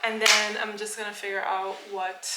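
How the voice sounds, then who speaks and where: A woman vlogging casually in a rented apartment, chatty and excitable, dropping in Dutch words. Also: mid-range voice, moderate pace, echoey room, very noisy. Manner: bubbly, chatty, exclamatory, mixes in Dutch words. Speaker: travel vlogger. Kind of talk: casual chat to camera. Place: apartment indoors, with companions.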